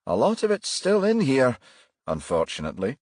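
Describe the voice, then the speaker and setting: A man's voice: medium pitch, huge pitch swings, normal speed, darkish tone, no echo, voice pushed up. A man voicing a male detective constable, matter-of-fact with a dry humour.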